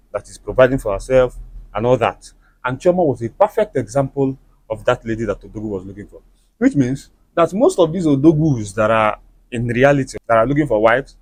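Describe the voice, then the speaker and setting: A man's voice: mid-range voice, darkish tone, no echo. A Nigerian man with an Igbo accent, a native Igbo speaker, chatting in a casual, opinionated movie review and lecturing the listener with conversational tags.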